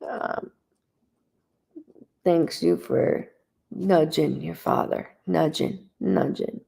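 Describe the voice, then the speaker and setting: Gravelly-voiced woman giving a psychic reading. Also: low-pitched, very slow, pauses often, dark tone. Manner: emotional, conversational, relays quotes in a lifted voice. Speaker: psychic medium. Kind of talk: live-streamed psychic reading.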